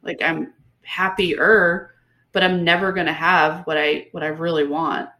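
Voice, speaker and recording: A woman's voice: low-pitched, flat delivery, a little slow, pushed and bright. A woman co-hosting a podcast, recapping a book in casual, sarcastic chat with lots of fillers. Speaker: podcast co-host.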